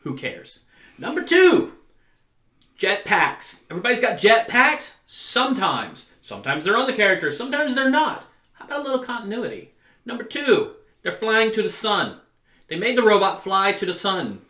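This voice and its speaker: Man, high voice, animated, bright, ranting, podcast co-host. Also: normal speed, echoey room. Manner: ranting, exasperated. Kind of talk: casual podcast chat.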